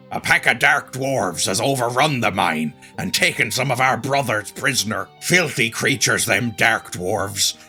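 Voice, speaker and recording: Guy doing a gruff bossy dwarf, crude, super bright tense voice. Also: mid-range voice, full character voice. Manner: archaic rustic speech, insulting.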